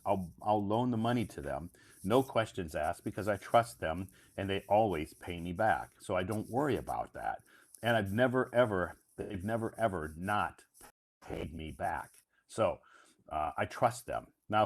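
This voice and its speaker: A man hosting a live stream, explaining English words in a casual, repetitive, emphatic teacher's way. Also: fairly low pitch.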